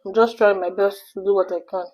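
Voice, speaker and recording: A young adult woman from Nigeria, telling an animated storytime vlog and slipping in pidgin phrases. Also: mid-range voice, quick pace, dull audio. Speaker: vlogger.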